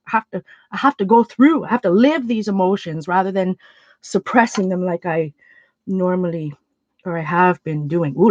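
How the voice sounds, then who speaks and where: A woman's voice: mid-range voice, no room sound. Woman host, casual rambling livestream talk, sniffling, dry and a bit muffled. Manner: chatty, rambling, greets viewers, thinks aloud. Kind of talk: casual livestream chat while painting.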